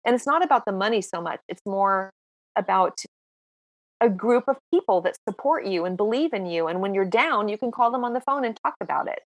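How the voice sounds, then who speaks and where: A woman in her sixties, a podcast guest telling stories in a casual, lively, self-mocking way. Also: medium pitch, a little fast, no echo. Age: 60s. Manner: lively, self-mocking storyteller who acts out dialogue. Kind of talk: casual interview storytelling.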